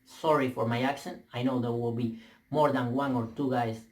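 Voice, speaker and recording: A young man with a Spanish accent rants straight into a camera mic, English clearly not his first language. He is profane and emphatic, stumbling into restarts as he pushes his point. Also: medium pitch, fairly even intonation, moderate pace, a little mellow. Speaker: vlogger. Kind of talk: heated rant to camera.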